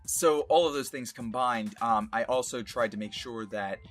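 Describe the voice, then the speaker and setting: A man's voice: medium pitch, moderate pace, dry recording, faint music behind. A young man casually explaining his voice acting work, chatty and laughing often. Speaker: voice actor.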